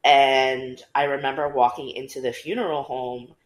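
A woman's voice: very deep voice, fairly even intonation, normal speed. Young woman podcaster, candid and chatty, echoey room. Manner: candid storytelling, many fillers. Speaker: podcast co-host. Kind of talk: casual conversation. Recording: roomy echo.

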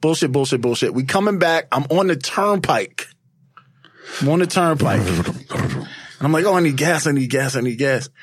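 A man telling a long story to friends in casual chat, animated and often laughing, acting out what he said back then. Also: on the high side, moderate pace, pauses often, breathy edge, no room sound, studio quality. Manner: animated, laughing, acts out his own past lines.

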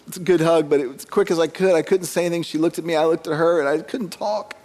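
Higher-voiced man preaching a chatty sermon. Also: fairly even intonation, quick pace, a little mellow. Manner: storytelling, self-deprecating with frequent chuckles; repeats words when starting phrases. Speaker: pastor. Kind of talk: conversational sermon. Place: church sanctuary.

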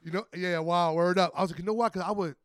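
Fast-talking, animated man telling street stories. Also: high voice, dry recording, clean studio sound. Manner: animated, profane street storyteller. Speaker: podcast host. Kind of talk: casual podcast chat.

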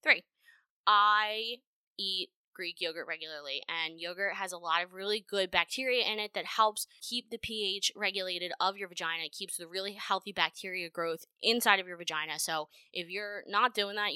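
Bright, crisp-voiced woman podcaster. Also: on the low side, a little fast, no room sound. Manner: blunt, profane and animated, with frequent laughter. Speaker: podcast host. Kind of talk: casual solo podcast monologue. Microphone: home podcast microphone.

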